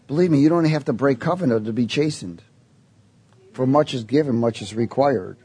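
A man's voice: medium pitch, normal speed, darkish tone, slightly rough. A man preaching a sermon and telling a personal story, acting out voices as he goes. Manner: storytelling, quoting voices in his tale.

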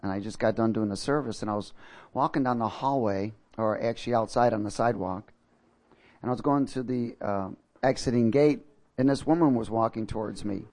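A male pastor leading prayer and preaching a sermon to a congregation, telling a personal story with fervent bursts of loud exclamation. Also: lowish voice, brisk.

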